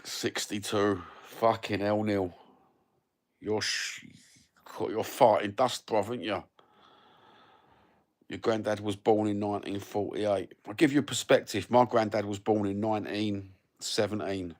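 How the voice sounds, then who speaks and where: Deep-voiced sweary bloke in his fifties. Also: steady tone, a little slow. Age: 50s. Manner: sweary, blokey banter with lots of fillers. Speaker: livestreamer reading viewer comments. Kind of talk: casual rambling chat.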